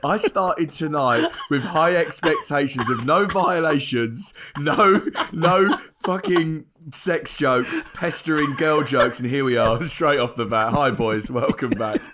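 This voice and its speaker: A man's voice: on the high side, slow pace, few pauses, background noise. A man co-hosting a casual podcast, teasing his friends and laughing a lot. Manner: laughs often, teasing, swears. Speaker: podcast co-host.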